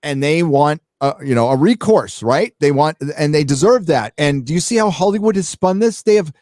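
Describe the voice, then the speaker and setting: A man's voice: a little high, animated, moderate pace, darkish tone, dry recording, studio quality. Swearing man ranting on a livestream. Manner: emphatic, swears freely, many fillers. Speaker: livestream host reading donations. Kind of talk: profane casual rant.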